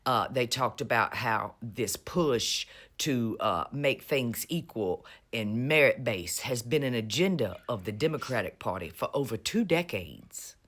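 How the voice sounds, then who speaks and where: A woman talks straight to camera in a loose, mocking vlog rant. Her pitch swoops up and down all the time. She drawls and teases, with a sarcastic bite. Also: lively intonation, unhurried, fairly bright tone. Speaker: vlogger. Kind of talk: casual political commentary.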